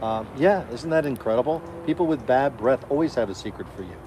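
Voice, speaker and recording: A man's voice: medium pitch, lively intonation, brisk. A man co-hosting a casual livestream chat, joking dryly. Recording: noisy background.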